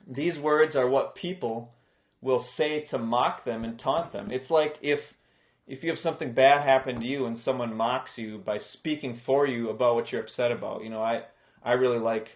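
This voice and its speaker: A male pastor with a medium-pitched voice speaks at a normal speed, delivering an expository sermon in a conversational style. He explains scripture using plain, everyday examples. The recording sounds echoey and dull, with a lo-fi quality.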